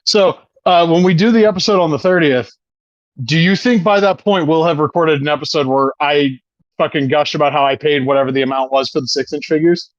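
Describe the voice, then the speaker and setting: Profane, excitable man, lo-fi dry audio. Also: a little high, a little fast, dry recording. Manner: profane, enthusiastic wrestling fan. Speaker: podcast co-host. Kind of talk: casual chat.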